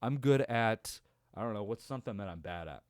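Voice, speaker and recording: A man's voice: fairly low pitch, animated, fairly quick, a little mellow, clear, resonant tone, dry recording, studio quality. Profane rambling man ranting about sports. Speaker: podcast host. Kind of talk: casual sports reaction rant.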